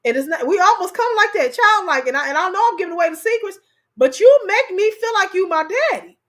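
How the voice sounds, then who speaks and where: A woman's voice: very high voice, animated, fast talker, fairly bright tone. A woman co-hosting a casual chat, telling stories animatedly, repeating phrases for emphasis and talking straight to her audience. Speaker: co-host.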